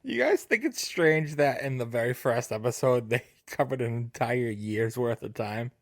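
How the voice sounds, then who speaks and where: A man's voice: mid-range voice, animated, normal speed, no room sound, clean studio sound. A man on a podcast chiming in with questions and laughing asides about a show. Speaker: podcast co-host. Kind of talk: casual recap chat.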